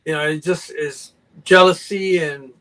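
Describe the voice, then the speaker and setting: A man's voice: fairly high pitch, fairly even intonation, unhurried, fairly bright tone, rough recording. Laid back guy from puerto rico, laughs a lot, talking on a live stream call. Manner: easygoing, laughs often, loose grammar. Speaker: guest snake breeder. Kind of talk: casual live-stream chat.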